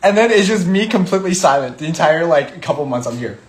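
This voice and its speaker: A man's voice: a little high, expressive, fast, heavy background noise. A young man rambling through stories on a livestream and giggling at himself, in a casual chatty way. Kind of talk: casual chat.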